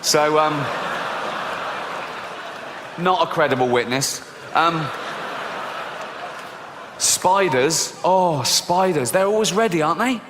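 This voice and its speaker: A middle-aged man performing a deadpan stand-up comedy routine on a theatre stage, swearing freely and putting on squeaky voices for children. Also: slow, long pauses. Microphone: stage microphone. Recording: live show recording with long hall reverb and faint background noise. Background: live audience laughter.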